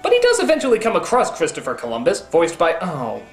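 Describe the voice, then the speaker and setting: A man giving a comedic film review, ranting and exasperated, breaking into shouts. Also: sits high, wildly swooping pitch, fast, echoey room, music in the background.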